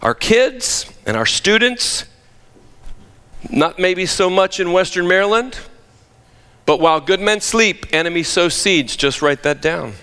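A man's voice: high voice, lively intonation, measured pace, pushed and bright, smooth. A man preaching a sermon as pastor, emphatic with joking asides, in a church sanctuary. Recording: long reverb of a large hall.

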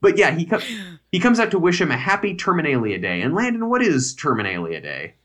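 A man's voice: on the high side, huge pitch swings, brisk, a bit bright. A man co-hosting a podcast, recapping a sitcom in casual chat with wry joking asides. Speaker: podcast co-host.

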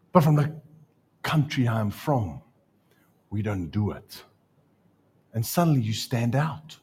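A man with a South African accent preaching a sermon, telling stories with jokes and lively asides. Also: mid-range voice, breathy edge. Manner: storytelling, joking, animated asides. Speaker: pastor.

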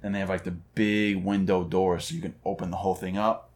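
A man co-hosting a podcast in relaxed casual chat, telling stories in an animated way. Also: low-pitched, brisk. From Northeastern US. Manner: laid-back, animated storyteller. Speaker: podcast co-host.

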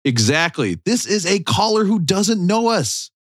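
A man's voice: high-pitched, big pitch swings, a little slow, no echo, studio quality. A man hosting a podcast in casual banter, sarcastic and mock-outraged, joking with his co-hosts. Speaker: podcast host.

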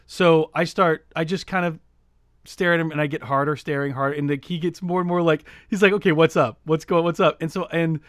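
A man co-hosting a podcast, telling a story in casual chat with many restarts, getting loud and lively as he retells it. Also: a little high, brisk, no room sound, studio quality. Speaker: podcast co-host.

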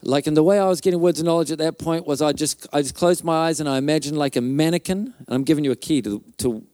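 A male pastor preaches at a conference, telling a story in a loose, chatty way. He fills his telling with restarts and little mouth sound effects. His voice sits a bit high, and the sound is dry and close. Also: fast, darkish tone, no room sound.

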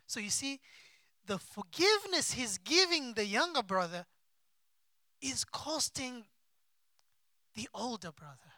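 A man preaching a sermon as a pastor, with impassioned delivery and big swings between soft and loud. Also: extremely high pitch, animated, a little slow, pauses often, no echo. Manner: acts out quoted figures in his own voice. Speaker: pastor and missionary.

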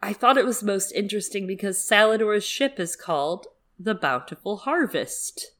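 A woman's voice: mid-range voice, lively intonation, moderate pace, a bit bright. A woman co-hosting a podcast in casual chat, with wry, joking asides. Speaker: podcast co-host.

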